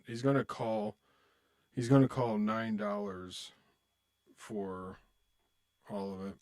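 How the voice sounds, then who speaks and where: A man streaming online poker, muttering about his hands and chatting with viewers in a loose, joking way. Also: mid-range voice. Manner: muttering to himself, swearing, then chatting upbeat with viewers. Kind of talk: casual live-stream commentary.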